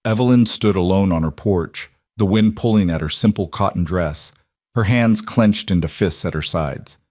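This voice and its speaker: A man giving scripted narration of a frontier romance story in a steady, even manner. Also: low voice, moderate pace, dry recording, studio quality.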